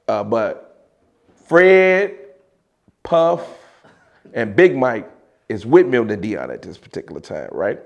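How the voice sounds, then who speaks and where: A man with a Chicago accent telling a story in a casual, animated way, with slang and loose restarts. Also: medium pitch, gravelly. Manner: animated, mimics voices of others in quotes, frequent laughs and slang.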